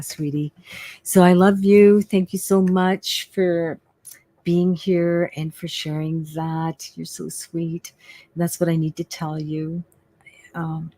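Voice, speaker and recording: A middle-aged woman, a psychic medium, chatting on her live stream in a bubbly, excitable way and repeating herself. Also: on the low side. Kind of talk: casual live-stream chat.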